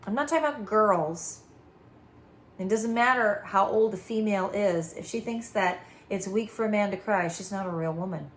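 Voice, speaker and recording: An earnest woman healer speaks a channeled spiritual message at a middle pitch. She is soft-spoken and leans on repeated affirmations, her voice often sinking into a near hush. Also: moderate pace.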